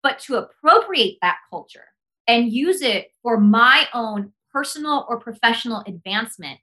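A woman's voice: a little high, expressive, normal speed, pushed and bright. A young woman from the United States, a podcast guest speaking earnestly and passionately in casual conversation, often saying "like". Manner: impassioned, earnest, heavy use of "like".

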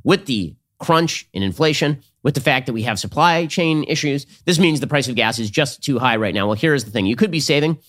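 A man hosting a political commentary show, arguing in a rapid, sardonic way. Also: medium pitch, expressive, a bit bright. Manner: rapid, sardonic, argumentative delivery. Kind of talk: fast political commentary and read ad.

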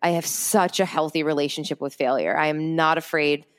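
A woman's voice: low-pitched, steady tone, a little fast. A woman in her late twenties, an entrepreneur and speaker, talking candidly and expressively as a podcast guest, often laughing. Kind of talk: casual podcast conversation.

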